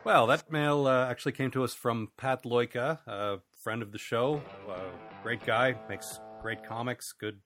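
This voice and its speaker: A man's voice: medium pitch, fairly even intonation, unhurried, hardly any pauses, a bit bright, faint music behind. A man co-hosting a podcast in casual chat, joking and chatty with frequent fillers. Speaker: podcast co-host.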